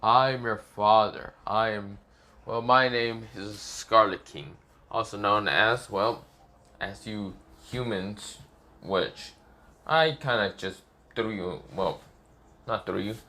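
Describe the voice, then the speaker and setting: A man voicing a deep-voiced demon king speaking to his son, halting and rambling with many restarts. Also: sharp tone, exaggerated voice. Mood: grand.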